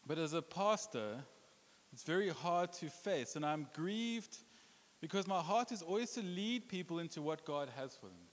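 A man's voice: on the high side, lively intonation, moderate pace. A man preaching a sermon as pastor, playful and joking, slipping into put-on voices for quotes. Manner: playful, jokes and puts on accents. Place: church hall with a congregation. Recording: long hall reverb.

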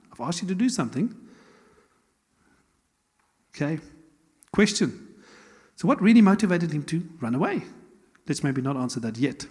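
A man preaching a sermon as pastor, chatty and animated, with laughing asides and quick rhetorical questions. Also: medium pitch, husky. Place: church hall. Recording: long church hall reverb.

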